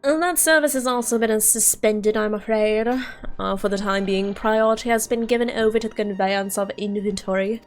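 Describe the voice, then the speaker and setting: A man's voice: high voice, moderate pace. Field: video game voice. Sex: man. Figure: nasal fussy custodian as a woman puts him on. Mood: apologetic. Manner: prim, bureaucratic.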